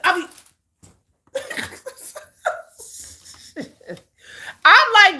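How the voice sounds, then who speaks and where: Lively high-voiced blunt woman. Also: moderate pace. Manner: blunt, profane, emphatic; animated, repeats phrases for punch. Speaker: host of a live watch-along. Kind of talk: casual reaction commentary.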